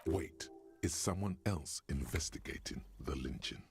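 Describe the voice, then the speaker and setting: A man voicing a grave male narrator's inner voice in a video game, measured and gravelly. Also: a bass voice, expressive, a little hiss or hum, heavily acted. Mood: calm.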